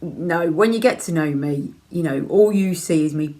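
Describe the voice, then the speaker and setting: A woman's voice: low voice, normal speed, warm tone. A middle-aged woman with a Leicester accent, chatting frankly to camera as she answers viewer questions, with plenty of ums and easy laughs. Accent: Leicester English. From England (Leicester). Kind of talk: casual chat.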